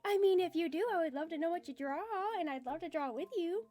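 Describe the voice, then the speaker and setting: A woman's voice: quick pace, dark tone, soft background music. A woman chatting casually with her livestream chat, reading messages aloud and giggling often. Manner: self-described low-energy and introverted. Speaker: streamer chatting with live chat.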